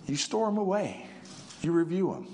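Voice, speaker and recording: A man speaking as Jesus, gentle and measured. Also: a little high, big pitch swings, slight background noise, pitched above the performer's own voice. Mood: reassuring. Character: Jesus, calm knowing teacher, grown man.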